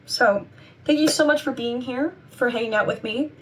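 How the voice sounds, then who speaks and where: A young woman rambles cheerfully through a casual vlog catch-up. Her voice sits high and sounds a touch worn. She is recorded from a little way off the mic. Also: normal speed, recorded from a distance. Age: 20s. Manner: chatty, rambling, upbeat. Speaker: vlogger and convention seller. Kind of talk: casual chat to camera.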